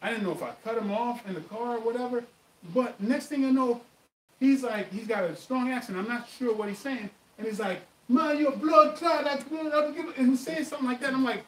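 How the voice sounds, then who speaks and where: A man hosting a live martial arts Q&A, telling stories in an animated, emphatic way. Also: very high-pitched, brisk, far from the mic. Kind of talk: live stream chat and storytelling. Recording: echoey room, voice off-mic, faint noise.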